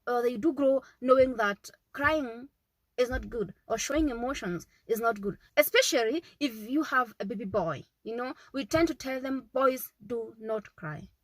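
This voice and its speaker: On the high side and at a normal speed, this woman in her thirties speaks to camera as a parenting vlogger and mom. The dry, low-quality recording captures her earnest, repetitive, casual advice, punctuated with "okay?".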